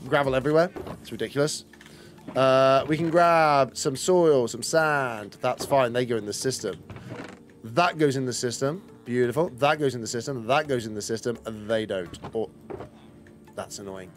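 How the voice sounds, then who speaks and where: A man chatting casually while streaming a game, rambling and greeting and answering viewers as he plays. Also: medium pitch. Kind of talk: casual live-stream commentary.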